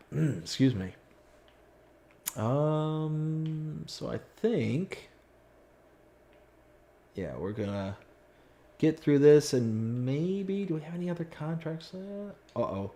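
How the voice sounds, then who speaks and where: His voice is fairly high and dark in tone, animated yet slow, with long pauses between thoughts. He's streaming a farming game, casually reading chat comments aloud and ribbing himself whenever frustration suddenly boils over.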